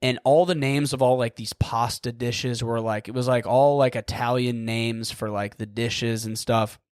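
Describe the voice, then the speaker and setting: A man's voice: mid-range voice, steady tone, moderate pace, a little mellow, clear, resonant tone, no room sound, studio quality. A young man hosting a podcast, telling a story in a rambling casual way, full of "like" and casual swearing. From United States. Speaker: podcast host.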